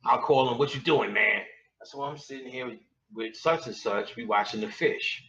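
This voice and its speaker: Speaking at a moderate pace in a medium-pitched voice, a comedic storyteller entertains a lecture-room audience with crude tales. He swears constantly, talks in slang, and cracks up and shouts when he lands a punchline. A distant, low-fidelity mic picks him up in a reverberant room.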